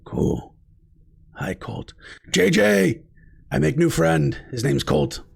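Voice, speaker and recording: A man voicing a huge, simple-minded, gentle male giant who talks in halting, childlike broken speech. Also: fairly high pitch, lively intonation, vocal fry, breathy edge, exaggerated voice.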